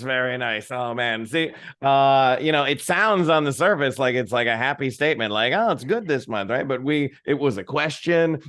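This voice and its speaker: An upbeat, encouraging man runs a playful virtual workshop, talking to his group over a video call. His voice sits at an ordinary middle pitch, and he keeps checking in with the group as he explains. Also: creaky, fairly bright tone. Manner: upbeat, encouraging, peppered with "right?". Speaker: workshop facilitator. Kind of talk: interactive virtual workshop facilitation.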